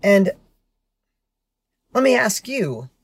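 A middle-aged man hosting a podcast, telling a personal story in a candid, animated way with some mild swearing, recorded from his parked car. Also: high-pitched, extremely slow, slightly rough, no room sound. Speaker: podcast host. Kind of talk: motivational monologue.

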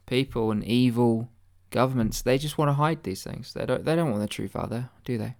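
A man delivering a deadpan satirical conspiracy monologue, mock-earnest and rambling, with stammered restarts and swearing. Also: mid-range voice, brisk.

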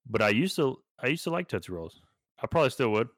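A man's voice: mid-range voice, very animated, quick pace, fairly bright tone, no room sound, studio quality. An easygoing young man in casual podcast chat, laughing often and using casual slang.

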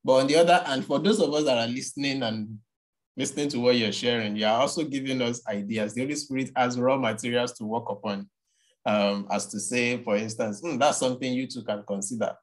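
A man leading an online faith group over a video call, encouraging and measured in how he affirms others. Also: mid-range voice. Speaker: study group leader.

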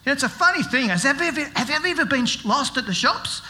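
A middle-aged man with an extremely high, pushed and bright voice talks fast and expressively, giving a playful children's talk at a church service before a live audience. He tells a story full of jokes and asks the kids questions.

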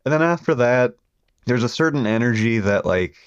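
A man co-hosting a podcast, talking in a relaxed, rambling way about what he wants in a dog. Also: mid-range voice, moderate pace, clean tone, dry recording, lo-fi sound. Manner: relaxed, rambling, self-correcting. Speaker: podcast co-host. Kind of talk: casual chat.

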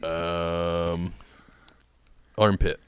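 A man's voice: sits low, level tone, extremely slow, clean tone. A man co-hosting a podcast, chatting casually and chuckling as he comes up with rhyming words for a word game. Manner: chuckly, rhymes his answers. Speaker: podcast co-host. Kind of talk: casual chat.

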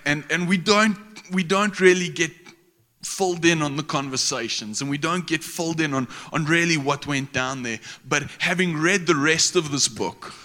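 A man's voice: a little high, pushed and bright, long reverb tail. A man preaching a sermon in a casual, slangy way, with frequent restarts.

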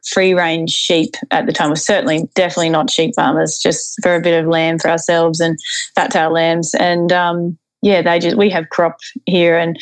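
A woman's voice: lowish voice, dry recording, rough recording. A woman in her thirties telling a personal story as an interview guest, chatty and rambling with many fillers and restarts. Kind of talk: casual storytelling.

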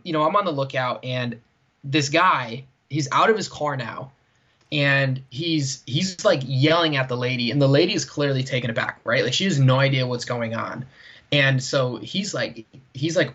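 Male co-host, husky voice, rambling anecdote style with many fillers, lo-fi dull recording. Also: medium pitch, a bit bright. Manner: rambling, heavy use of "like" and "right?". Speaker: podcast co-host. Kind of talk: casual storytelling chat. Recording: dull lo-fi sound.

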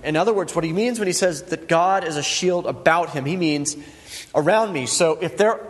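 A man's voice: fairly high pitch, big-room sound. A man in his thirties, a pastor preaching a sermon in an earnest, conversational way with lots of repetition.

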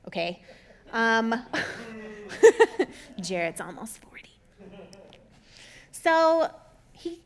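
A woman with a slightly high voice tells an old story in a relaxed, chatty way. She drops in sarcastic asides and slips into quick voices for the characters. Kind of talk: casual Bible story retelling.

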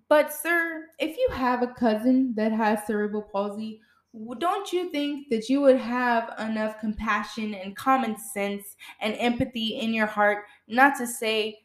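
A young woman telling a story in a blunt, sassy and exasperated way, laughing between lines. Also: a little high. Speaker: vlogger. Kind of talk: casual storytelling rant.

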